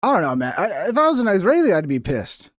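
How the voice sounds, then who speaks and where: A man's voice: high-pitched, huge pitch swings, fast, no echo, studio quality. A young man streaming, ranting about the news in a heated, profane, rambling way. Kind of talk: casual political commentary.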